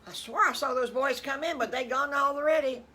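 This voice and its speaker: A woman's voice: sits high, normal speed, very noisy, voice pushed up, close to an everyday voice. An older woman voicing a loving, emotional mother pig in a storybook tale, gushing over her sons. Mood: delighted. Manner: gushing, exclaims "oh my gracious sakes".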